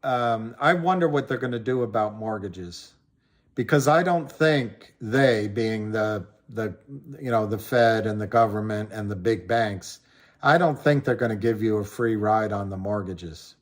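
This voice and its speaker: A man's voice: fairly low pitch, unhurried. A man hosting a casual livestream, rambling about money and greeting viewers by name, often trailing off and restarting. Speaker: livestream host.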